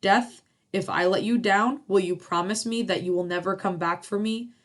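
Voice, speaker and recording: A woman's voice: mid-range voice, normal speed, natural voice. A woman storyteller voicing a shrewd, unbothered woman who bargains with Death in a dry, matter-of-fact way.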